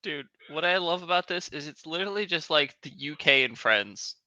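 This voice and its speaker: A man's voice: a little high, animated, moderate pace, bright, forceful tone, dry recording. A man co-hosting a podcast who chats casually and wryly and asks questions. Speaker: podcast co-host. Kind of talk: casual sports chat. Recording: dull, dry lo-fi audio.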